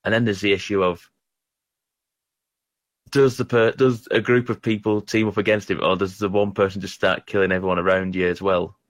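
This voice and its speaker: A man with a deep, low-pitched voice chats casually about video games. He rambles and stumbles over his words, often poking fun at himself, and sounds close and dry. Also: flat delivery, no echo. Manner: rambling, halting, self-deprecating. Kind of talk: casual gaming chat.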